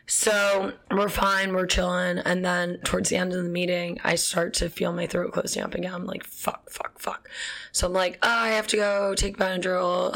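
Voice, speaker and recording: Young woman vlogger, low flat voice with vocal fry, chatty and laughing through her story. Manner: chatty, frequent fillers and laughs, swears casually. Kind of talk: casual storytelling.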